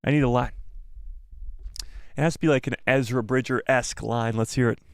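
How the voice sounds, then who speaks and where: A man hosting a casual live stream, excitable, swearing and reading the chat aloud. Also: medium pitch, fairly quick, clear, resonant tone, dry recording, clean studio sound.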